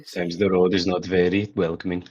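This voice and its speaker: A man playing a tabletop game, relaxed and easygoing. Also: deep voice, fast, lo-fi sound. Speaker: player. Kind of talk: casual in-character play.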